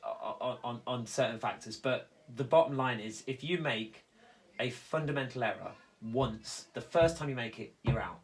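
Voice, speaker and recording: A man speaking earnestly in a reflective conversation, halting and restarting as he explains how he copes with loss. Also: mid-range voice. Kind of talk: reflective conversation about grief.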